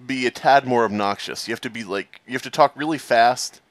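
A man's voice: mid-range voice, brisk, dry recording. A man joking wryly with friends during an online game. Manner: wry, teasing jokes. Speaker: gamer. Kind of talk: casual gaming chat.

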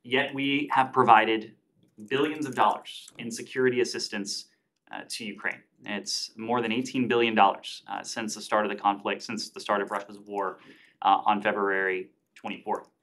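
Measured man at a briefing. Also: fairly low pitch, level tone, fairly bright tone. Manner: measured, deliberate, frequent "uh" fillers. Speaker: government spokesperson. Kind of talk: press briefing answers. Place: briefing room.

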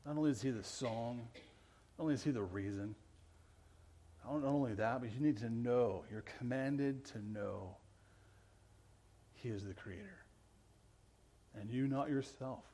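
A male pastor preaching a sermon, earnest, often checking in with the congregation and moving between loud emphatic lines and quiet low ones. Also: a little slow, long pauses. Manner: earnest preaching, keeps asking the congregation "right?".

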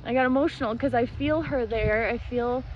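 Bubbly high-voiced woman vlogging outdoors. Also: moderate pace, muffled recording, a little hiss or hum. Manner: gushing, bubbly. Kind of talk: casual vlog chat. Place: outdoors at a rural crossroads.

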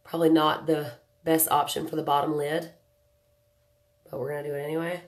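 A woman's voice: sits low, flat delivery, brisk. A woman vlogger talking casually to her viewers as she does her eye makeup. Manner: chatty, talks to viewers while working. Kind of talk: casual makeup tutorial chat.

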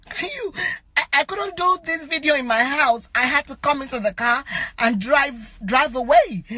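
A distraught woman, an actress, crying and pleading from inside a car, her voice breaking into shouts as she repeats herself. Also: high-pitched, dry recording, poor audio. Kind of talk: emotional self-recorded appeal.

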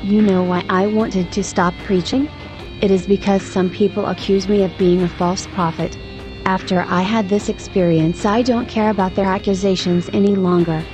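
A woman's voice: medium pitch, fairly even intonation, normal speed, over music. A woman narrating a religious testimony in earnest, exhorting tones.

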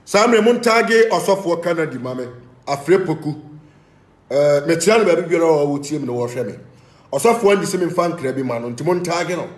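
A man with a Ghanaian accent hosting an online show, lively and urging listeners on. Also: a little high, fairly quick. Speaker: host. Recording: echoey recording.

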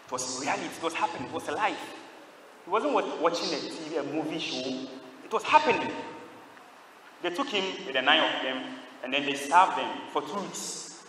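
A man's voice: on the high side, expressive, moderate pace, long pauses, sharp tone, a little hiss or hum. Preaching man in an echoey church. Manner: call-and-response preaching, asks the crowd questions. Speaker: priest. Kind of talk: sermon. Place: large church. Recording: echoey hall, distant mic.

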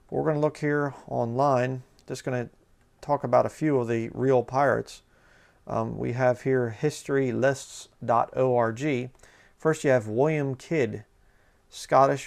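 A man's voice: medium pitch, gravelly, darkish tone. A man, a pastor, giving a sarcastic, conversational commentary like a sermon and reading passages aloud.

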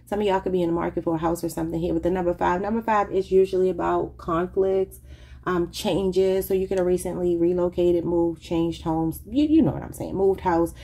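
A woman's voice: fairly low pitch, steady tone, fairly quick, dark tone, husky. A woman giving a casual tarot reading, rambling and thinking aloud in an informal, chatty way. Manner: informal, says y'all. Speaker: tarot reader.

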